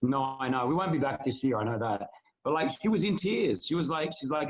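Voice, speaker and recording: A man in his thirties co-hosting a podcast in relaxed conversation. He talks earnestly and rambles, stopping and restarting his thoughts as he goes. His voice sits at an ordinary pitch, and the recording sounds slightly dull. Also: brisk. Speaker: podcast co-host. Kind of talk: casual conversation.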